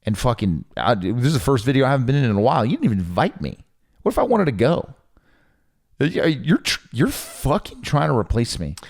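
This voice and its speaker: A man's voice: medium pitch, very animated, brisk, gravelly, a little mellow. A young man co-hosting a podcast, ranting in a heated, profane way in casual chat. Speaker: podcast co-host.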